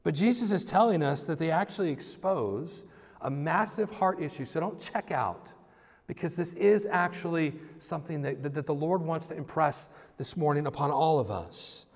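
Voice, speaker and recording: A male pastor delivers a conversational sermon, his voice sitting a little higher than most men's. He talks informally, restarting phrases and doubling words as he goes. The recording carries the long reverb of a church sanctuary. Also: animated, normal speed.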